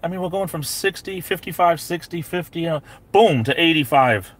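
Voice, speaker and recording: A man's voice: a little high, fairly quick, a bit bright. A man hosting a casual live stream from his parked SUV, rambling on and greeting viewers by name. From New England.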